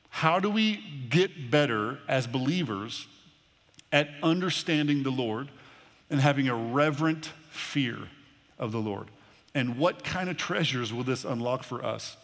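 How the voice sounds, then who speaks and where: A man delivers a sermon from the pulpit in an earnest, conversational way, often repeating a word before his thought lands. His voice sits at an ordinary middle pitch. It rings out with the long reverb of a church sanctuary. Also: animated, unhurried, a bit bright. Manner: earnest, repeats words when starting phrases. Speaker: pastor.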